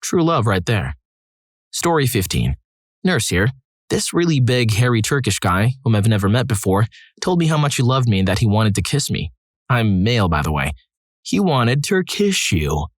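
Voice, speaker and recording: A man's voice: on the low side, big pitch swings, moderate pace, no echo. A man narrating read-aloud stories in a scripted style, adding wry, dry asides between them. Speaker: story narrator.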